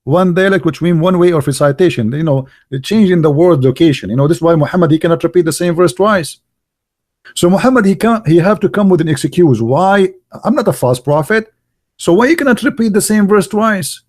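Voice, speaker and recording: High-voiced man mocking in rhetorical questions. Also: fairly quick, a little mellow. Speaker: religious commentator. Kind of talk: polemical monologue.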